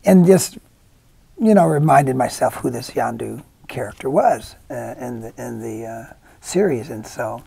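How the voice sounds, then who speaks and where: A man's voice: medium pitch, expressive, a little slow, creaky, dark tone, slightly rough, no echo. A middle-aged male actor in a casual interview, rambling through anecdotes with many restarts and acted-out quotes. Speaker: actor guest.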